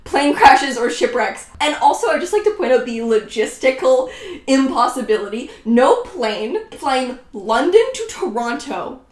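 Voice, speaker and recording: A woman's voice: high voice, very animated, measured pace. A woman in her twenties talking casually and with sarcastic self-mockery as she looks back on her own writing. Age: 20s. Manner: sarcastic, self-mocking, laughs at herself. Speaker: writing vlogger. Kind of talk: casual reaction vlog. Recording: roomy echo.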